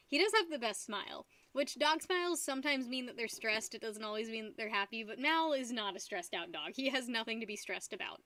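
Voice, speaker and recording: This is a young woman chatting through a live stream from her home, loose and giggly with a slightly tipsy ease. Her voice sits a little high and rings bright and forward. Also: lively intonation, a little fast, few pauses, dry recording. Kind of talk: casual chat while painting.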